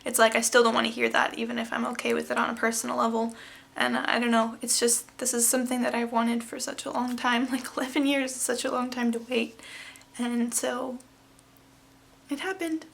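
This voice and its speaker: Speaking fairly quickly in a completely flat manner, a woman in her twenties shares a personal story to camera, emotional and candid, quoting others in the retelling. She's a vlogger with a fairly high, gravelly, fairly bright voice.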